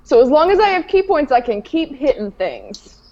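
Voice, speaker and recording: A high-voiced woman player reads out an item's text with a lively, animated lilt. Her voice comes through muffled and lo-fi over voice chat. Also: moderate pace. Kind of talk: casual tabletop game chat.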